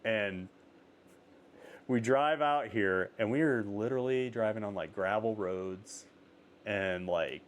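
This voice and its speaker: A man hosting a casual interview, telling a travel story with lots of "like" fillers and rising excitement. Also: on the low side, takes it slowly. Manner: animated storyteller, many "like" fillers. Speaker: podcast host.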